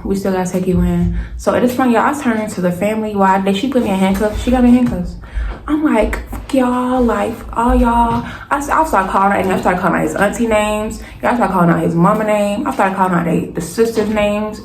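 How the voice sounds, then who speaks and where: A woman's voice: fairly low pitch, vocal fry. A young woman telling a personal storytime straight to viewers, acting out what everyone said and calling her audience "y'all". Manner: animated retelling with repeated "y'all" and quoted dialogue. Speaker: storytime vlogger. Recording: echoey room with faint background hum.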